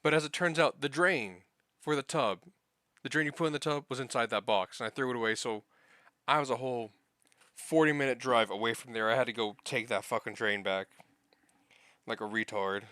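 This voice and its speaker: A young man spins a rambling, profanity-laced story about his week at work, now and then acting out what other people said. His voice is bright and crisp, and the recording is dry and close. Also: medium pitch, a little fast, no room sound. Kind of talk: casual spoken anecdote.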